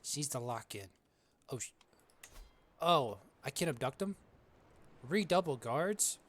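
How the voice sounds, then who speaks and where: Young male gamer, mid pitch, slangy and joking, casual play-by-play, says "bro" a lot. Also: animated, measured pace, fairly bright tone. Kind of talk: casual gameplay commentary.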